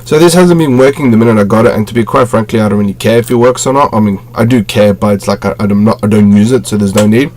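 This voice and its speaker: A man's voice: on the low side, fast, few pauses, a little mellow. A man casually reviewing a collectible on a webcam at home, rambling, with many fillers and self-corrections. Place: home room with display shelves.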